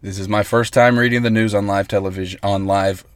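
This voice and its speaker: A man hosting a comedic mock radio broadcast, excitable, rambling and mock-earnest, talking from inside a parked car. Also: lowish voice, fairly quick, a little hiss or hum. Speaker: host. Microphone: close mic in a parked vehicle.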